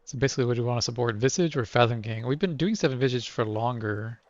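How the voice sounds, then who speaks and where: A man's voice: mid-range voice, fast, dull audio. A man doing casual let's play commentary, thinking aloud over his choices and reading game text aloud.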